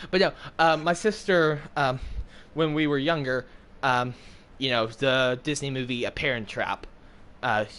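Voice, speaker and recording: A man's voice: mid-range voice, a bit bright, slight background noise. An American man in his twenties chatting casually while gaming, rambling with lots of fillers and jokes. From United States. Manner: rambling, full of fillers, jokey. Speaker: gaming streamer.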